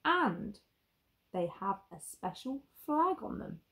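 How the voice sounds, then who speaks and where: A woman voicing a kindly father in a children's picture-book story, speaking softly and reassuringly. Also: mid-range voice, very animated, slow pace, vocal fry, exaggerated voice. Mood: gentle. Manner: soft, reassuring. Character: gentle kindly village dad.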